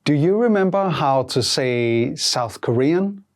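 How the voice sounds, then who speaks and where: A teacher giving a scripted language lesson, prompting in a measured way and repeating each answer twice. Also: medium pitch, expressive.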